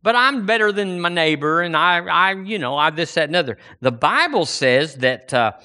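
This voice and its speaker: A man preaching a sermon in an animated way, his voice rising and falling as he quotes scripture and questions the congregation. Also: normal speed. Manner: animated preaching, swinging pitch and volume.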